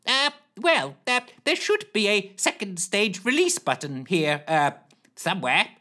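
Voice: mid-range voice, big pitch swings, measured pace, sharp tone, voice pushed up. A narrator voicing a flustered, fussy male rocket captain who stammers through ums and uhs.

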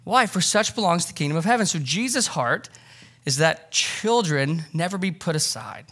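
Man, pastor, sermon, bright tone, fairly high voice, casual and energetic delivery. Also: moderate pace, slightly rough. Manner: conversational, energetic, animated with lots of fillers. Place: church sanctuary.

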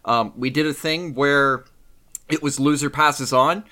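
A man co-hosting a casual gaming podcast, telling anecdotes in an animated way and laughing often. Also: a little high, measured pace. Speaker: podcast co-host.

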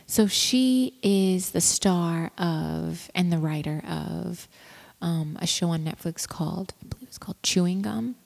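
A woman's voice: fairly low pitch, measured pace, creaky, darkish tone, big-room sound. A woman rambling casually about her home brewing, with lots of fillers and restarts. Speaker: home brewer. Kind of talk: casual vlog chat.

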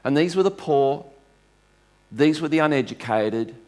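A man's voice: fairly high pitch, lively intonation, a little slow, darkish tone. Man, pastor, sermon, conversational storytelling, restarts phrases, church congregation.

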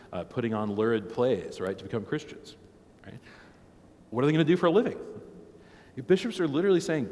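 In a church hall, a man in his thirties teaches a catechism class in a casual, joking way, laughing often and peppering his talk with "like" and "right." His mid-range voice carries a long reverb tail.

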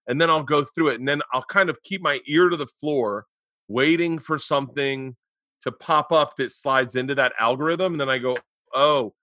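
Casting: male comedian podcast host, bright ringing voice, rambling storyteller, close dry mic. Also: mid-range voice, no echo. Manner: rambling storyteller, animated when retelling stories. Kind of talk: casual remote chat. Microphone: remote call.

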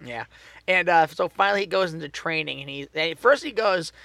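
A man's voice: fairly high pitch, animated, brisk, creaky, bright, forceful tone, no room sound. A man co-hosting a casual podcast, animatedly retelling scenes, acting out dialogue and laughing often. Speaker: podcast co-host. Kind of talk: casual chat recapping a TV show.

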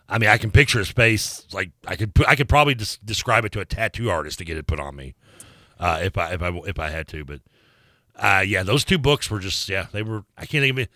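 A man's voice: fairly low pitch, animated, fast, sharp tone, dry recording. Guy cohosting sports radio, rambles, laughs a lot, dry close mic. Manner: rambling, laughs often, trails off mid-sentence. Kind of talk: casual sports talk.

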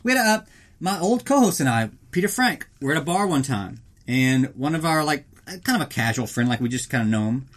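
A podcast host recaps a film in casual, rambling, profane talk, joking about himself in the third person. His voice is medium-pitched, expressive and brisk.

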